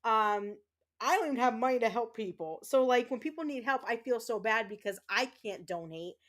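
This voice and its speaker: A woman's voice: fairly high pitch, moderate pace, fairly bright tone. A woman streaming a game, chatting casually with her viewers and rambling with lots of fillers and restarts. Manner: emotional, tearful thanks to viewers. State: tearing up. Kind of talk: casual livestream chat while gaming.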